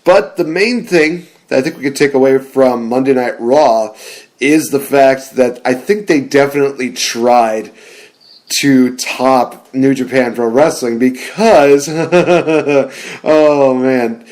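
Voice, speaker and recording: Young male co-host, excitable rambler, quick to laugh, casual chat delivery. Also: mid-range voice. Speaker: podcast co-host.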